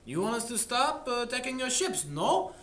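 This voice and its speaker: A man's voice: very high-pitched, sing-song, moderate pace, noisy background, voice pushed up. A man putting on sly French secret agents. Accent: put-on French. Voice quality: mocking, wheedling. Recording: echoey room.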